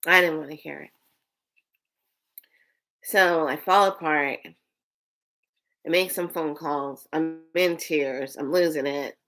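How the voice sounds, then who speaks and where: Woman, low voice, vlogger, candid emotional storytelling, swears. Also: steady tone, takes it slowly, pauses often, fairly bright tone. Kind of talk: personal storytelling.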